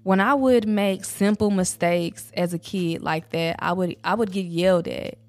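A woman's voice: lowish voice, unhurried, no echo. A young woman and mother talking candidly and emotionally in a personal vlog, casual and conversational. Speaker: vlogger, mother.

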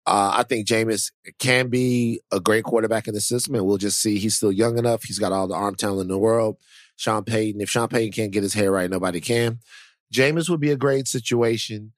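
A man co-hosting a podcast, talking casually in a rambling, animated, self-mocking way. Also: fairly low pitch, brisk, dry recording, studio quality. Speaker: podcast co-host. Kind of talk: casual chat.

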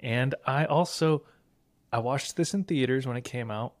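A man's voice: mid-range voice, moderate pace, no room sound. Blunt, dry-voiced male podcast host. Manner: blunt, swears, dry delivery. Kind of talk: casual chat.

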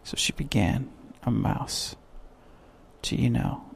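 A man reading a children's story aloud in a soft, measured way. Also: medium pitch, slight background noise. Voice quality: creaky, husky.

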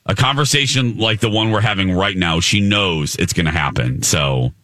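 A man hosting a casual morning radio chat, expressive and teasing, trailing into restarts as he talks. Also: deep voice, moderate pace, no echo, studio quality. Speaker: radio show host.

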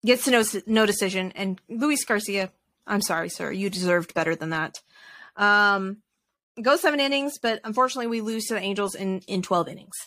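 A woman's voice: mid-range voice, a little fast, fairly bright tone. A woman co-hosting a podcast, chatting casually about baseball with laughs and rambling restarts. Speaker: podcast co-host. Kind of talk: casual sports chat.

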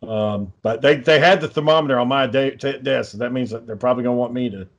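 A man's voice: medium pitch, fast talker. A man chatting casually, asking easygoing questions. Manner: laid-back, asks questions, drawls y'all. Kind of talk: casual chat.

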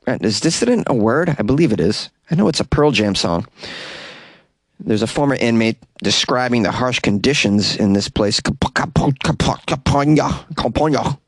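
A man's voice: on the low side, lively intonation, moderate pace, no echo. A man hosting a solo comedy news podcast, rambling, stumbling over foreign names and chuckling at his own jokes, recorded in a closet.

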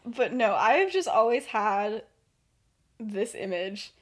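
A woman's voice: medium pitch, sing-song, slow pace. Giggly young woman telling a story. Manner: giggly, laughs through her sentences, heavy use of "like". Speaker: podcast co-host. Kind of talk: casual storytelling.

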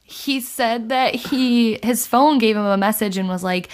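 A woman hosting a podcast, telling stories in a chatty, animated way full of "like" fillers. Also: a little high, unhurried, few pauses. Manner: chatty storyteller, lots of "like" fillers, animated retelling. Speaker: podcast host. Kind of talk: casual chat.

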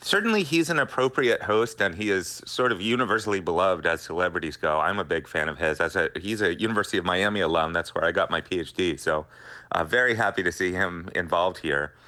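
A man's voice: low voice, a little fast, sharp tone. A middle-aged man, a scientist guest on a radio interview, explaining earnestly.

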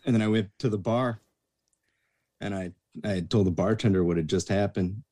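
Low-voiced man telling bar stories. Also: normal speed. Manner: animated storyteller, acts out quoted voices. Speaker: former bartender telling stories. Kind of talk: casual storytelling chat.

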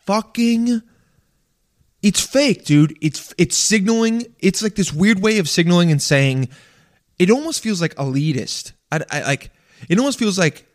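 A man delivering an animated, profane rant in a casual monologue, stammering and restarting often. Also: sits high, a little slow. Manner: profane, exasperated, animated ranting.

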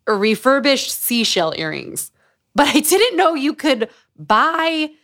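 Chatty, higher-voiced woman podcast host. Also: slow pace, no echo, clean studio sound. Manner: chatty, laughing, animated retelling. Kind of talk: casual book club chat.

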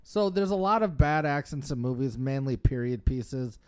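A young man co-hosting a podcast in relaxed, casual chat, swearing offhandedly and laughing often. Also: medium pitch, moderate pace, clear, resonant tone. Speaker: podcast co-host.

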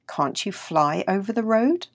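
Big busy blackbird, a woman reading it out, brisk and matter-of-fact, storybook. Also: medium pitch, animated, no room sound, clean studio sound.

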